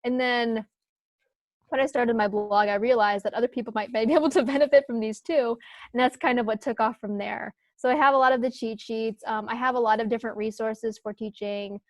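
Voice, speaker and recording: Young woman guest, higher voice, dry close sound, chatty and upbeat. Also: steady tone, a little fast, no echo. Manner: chatty and upbeat, laughs often. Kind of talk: casual podcast interview.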